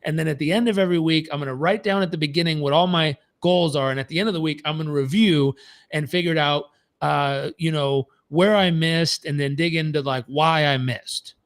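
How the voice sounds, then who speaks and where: Speaking briskly in a somewhat high voice, a male performance coach runs a live motivational session. He hammers points home through repetition, often tripping over his words and restarting.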